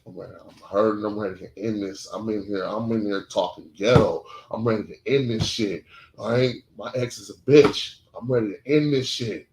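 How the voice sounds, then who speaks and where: Male podcast co-host, low register, candid and profane, clipped emotional storytelling, roomy echo. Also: moderate pace, a little mellow, a little hiss or hum. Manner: blunt, profane and emotional, short clipped sentences. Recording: echoey room.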